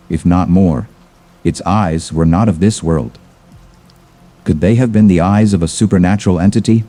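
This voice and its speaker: A man narrating a scripted horror story in a measured, ominous manner. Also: deep voice, warm tone.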